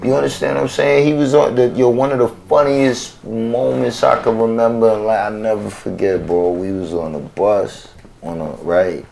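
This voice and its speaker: A man with a low, gravelly voice tells stories in a loose, animated way, full of slang and swearing. Faint noise hums underneath. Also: normal speed. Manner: animated, profane, slangy, laughing storytelling. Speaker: guest rapper. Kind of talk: casual storytelling chat.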